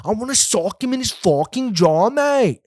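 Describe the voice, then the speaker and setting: Man voicing a belligerent British lad in a mock British accent, high-pitched and boastful, dry mic. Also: animated, moderate pace, a little mellow, no echo. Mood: aggressive mocking. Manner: brash, boastful, ends lines with "mate". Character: crude, belligerent British bloke.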